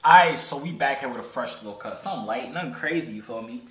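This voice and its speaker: Fast-talking young man teasing strangers. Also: medium pitch, lively intonation, a bit bright. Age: 20s. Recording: roomy echoey sound.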